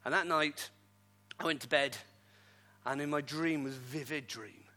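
A middle-aged man preaches a testimony sermon, his voice sitting slightly high. It has a bright, forceful edge. He tells the story animatedly, poking fun at himself along the way. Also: normal speed. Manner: animated storytelling with self-deprecating humor. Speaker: pastor.

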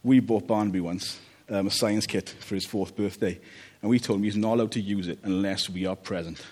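A man preaching a relaxed, conversational sermon, joking about family life and often checking in with "okay?". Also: on the low side, brisk. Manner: chatty, jokey, checks in with "okay?".

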